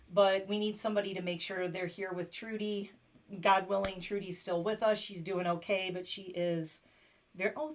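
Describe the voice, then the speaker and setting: Chatty, excitable woman on a livestream. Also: medium pitch. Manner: chatty, excitable, laughs often. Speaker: livestream host. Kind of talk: casual livestream chat. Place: her home.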